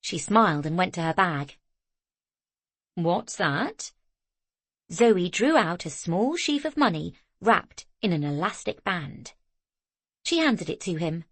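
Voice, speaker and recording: A woman narrating a novel as an audiobook in a measured, even reading style. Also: on the low side, no echo.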